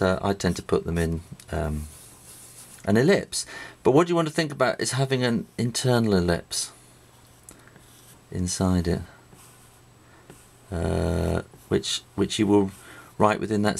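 A middle-aged Englishman with a low, gravelly voice teaches drawing, rambling casually with many fillers and restarts as he sketches. Faint noise and the sounds of pen on paper run through the recording.

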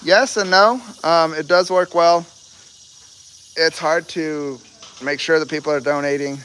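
A man's voice: fairly high pitch, fairly even intonation, unhurried, a bit bright, slight background noise. A man chatting casually on a livestream outdoors, rambling with lots of ums and restarts. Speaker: horse rescue livestreamer. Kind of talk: casual rambling live chat.

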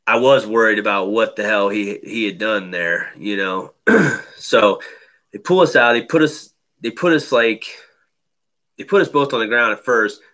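Brightish man telling a story casually. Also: fairly low pitch. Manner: loose, profane, many fillers like "you know".

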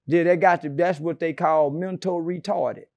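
A man's voice: fairly high pitch, steady tone, moderate pace, darkish tone, dry recording. A man being interviewed, telling stories in a brash, profane and mocking way with sarcastic asides. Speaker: interview guest. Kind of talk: casual interview storytelling.

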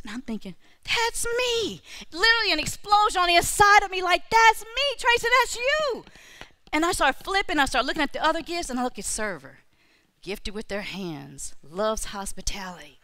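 High bright-voiced woman preaching. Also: clean tone, no echo. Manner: animated, acts out her own prayers and inner voices; exhorting, repeats key phrases to the congregation. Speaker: church speaker. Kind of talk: storytelling sermon.

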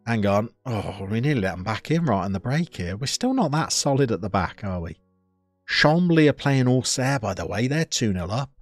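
Guy commentating his football sim live, chats to chat, soft music behind. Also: medium pitch, very animated, moderate pace, dry recording. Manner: chatty, reacts loudly to play, greets chat. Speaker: streamer.

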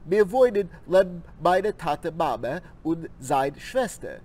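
A man's voice: a little high, big pitch swings, unhurried, darkish tone, slightly rough. A man answering as a student, carefully reciting practice sentences.

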